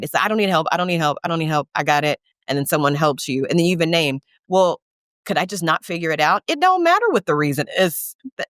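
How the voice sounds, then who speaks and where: A woman's voice: low-pitched, a bit bright. A woman therapist speaking on a podcast with punchy, repeated lines of encouragement. Her speech is casual and colloquial. The sound is dry, with no room echo. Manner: emphatic, repeats lines like a pep talk; colloquial, calls listeners y'all and sis. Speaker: guest therapist. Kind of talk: podcast conversation.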